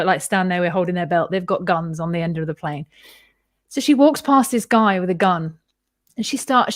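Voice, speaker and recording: A woman in casual podcast chat, telling a story with energy and switching into quick voices for the people she quotes. Her pitch sits in a middle range for a woman. The recording is close and dry, with almost no room sound. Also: no echo. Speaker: podcast co-host.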